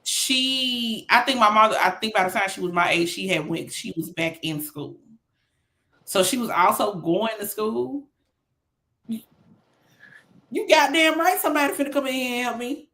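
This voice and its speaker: A woman's voice: a little high, moderate pace, pauses often, sharp tone. A woman co-hosting a casual podcast, telling stories in a laid-back, colloquial way. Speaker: podcast co-host. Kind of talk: casual chat.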